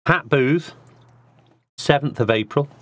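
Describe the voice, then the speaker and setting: A man's voice: medium pitch, slow pace, fairly bright tone, no room sound. A man with a Liverpool accent hosting a music show from a studio, chatting and joking casually. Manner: jokey, chatty banter. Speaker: show host.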